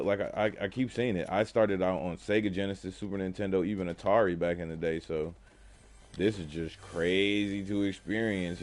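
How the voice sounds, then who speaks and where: A man talking casually while playing a video game, telling a fable and musing on life in relaxed slang. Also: sits low. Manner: laid-back, slangy, reflective. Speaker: gaming streamer. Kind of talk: casual gameplay commentary with storytelling.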